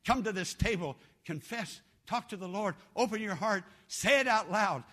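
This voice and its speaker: Male pastor, fervent sermon delivery, bright tone. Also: high-pitched, animated, normal speed, hardly any pauses. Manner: fervent, exhorting preacher.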